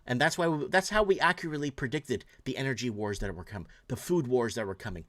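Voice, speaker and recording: A man's voice: medium pitch, fast, fairly bright tone. A man from Portugal hosting a late-night call-in show, ranting with heated emphasis and reading out viewer messages. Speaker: talk show host.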